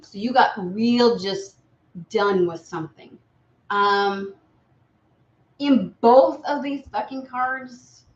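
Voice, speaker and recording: A woman giving a casual live tarot reading, blunt and profane, lively and often slipping into quoted voices. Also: mid-range voice, slight background noise. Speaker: tarot reader. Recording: echoey room, dull lo-fi sound.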